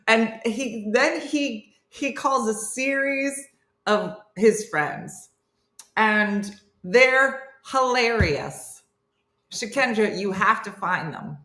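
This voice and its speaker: A woman's voice: on the high side, drawn-out words. A woman hosting a comedy morning show, chatting casually with viewers, telling stories and acting out the voices of people in them. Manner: animated storytelling, acting out quoted voices, laughing; reads out viewer names, chatty. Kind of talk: casual livestream chat. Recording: roomy echo.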